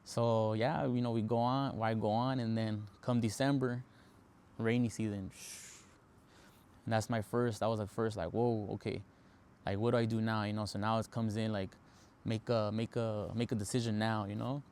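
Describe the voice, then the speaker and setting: A man's voice: on the low side, level tone, normal speed, darkish tone, a little hiss or hum. A young man hosting a podcast, telling his story casually with lots of fillers and Spanish slang. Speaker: podcast host.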